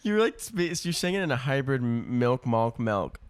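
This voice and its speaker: A young man in a casual podcast chat, ribbing his co-host. His pitch moves around a lot, he laughs easily, and he swears in a relaxed, offhand way. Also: normal speed, clean tone, no echo.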